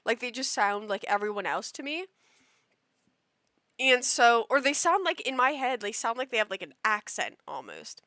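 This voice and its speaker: A young woman streams her game and talks to her chat in a loose, rambling way, leaning on "like" between thoughts. Her voice sits a little high and comes across bright and forceful. The sound is close and dry, from a desk mic. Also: sing-song, moderate pace, dry recording. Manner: rambling storyteller, many "like" fillers. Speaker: live streamer. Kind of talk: casual stream chat while gaming.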